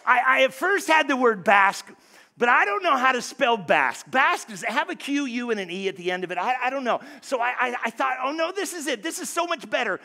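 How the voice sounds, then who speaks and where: A male pastor preaching in a church with a high, bright voice. He talks to the congregation in a loose, animated way, stumbling over restarts and then dropping suddenly soft. He sounds close and direct, like a friend giving a talk. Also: fairly quick. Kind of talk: sermon. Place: church sanctuary.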